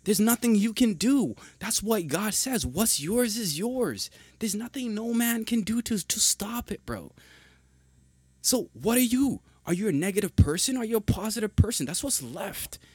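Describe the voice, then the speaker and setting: A young man hosting a podcast, talking in a heated, emphatic monologue with a husky voice, repeating points and swearing often. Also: high voice, big pitch swings, moderate pace, a little mellow, dry recording. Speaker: podcast host.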